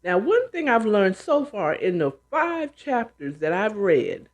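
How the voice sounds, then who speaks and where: A woman's voice: mid-range voice, unhurried. Woman host recapping a book she's reading, chatty, goes off on side tangents. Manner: chatty, animated asides. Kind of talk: casual book retelling and commentary.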